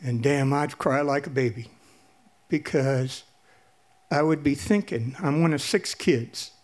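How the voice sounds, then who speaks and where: An older man in his seventies telling a personal story at a live event, halting and low-key with many pauses. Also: darkish tone.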